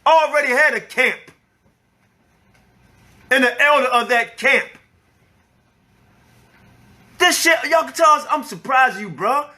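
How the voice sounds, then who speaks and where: Male religious elder, loud and profane, sharp high-pitched voice, heated rant. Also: normal speed. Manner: angry, profane, preaching, repeats the clip's words to rebut them. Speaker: elder of a religious group, host reacting to a clip. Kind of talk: heated reaction commentary.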